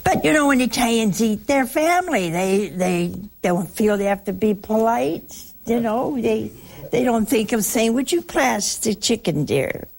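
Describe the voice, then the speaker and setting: A woman's voice: on the high side, lively intonation, measured pace, gravelly, darkish tone. A woman giving a spiritual talk to a broadcast audience, telling folksy stories and asking rhetorical questions. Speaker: religious speaker.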